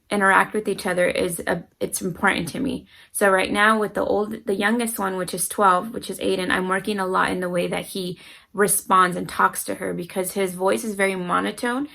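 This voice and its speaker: A woman's voice: medium pitch, little pitch movement, moderate pace, gravelly, fairly bright tone, low-quality recording. A middle-aged mother talking casually to camera with parenting advice, earnestly acting out her children's voices as she tells stories. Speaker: parenting vlogger.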